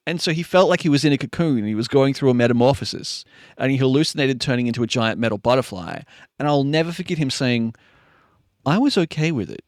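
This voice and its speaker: A man's voice: medium pitch, fast, no echo, studio quality. A man with a Queensland Australian accent, hosting a live stream and chatting casually with viewers, laughing and swearing, and sleepy. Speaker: livestream host. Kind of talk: casual chat reading viewer messages.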